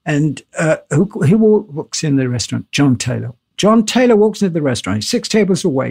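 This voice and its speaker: Husky older man telling wild stories. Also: fairly high pitch, a little fast, few pauses. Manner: animated anecdotes, swearing and laughing. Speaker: guest. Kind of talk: casual interview storytelling.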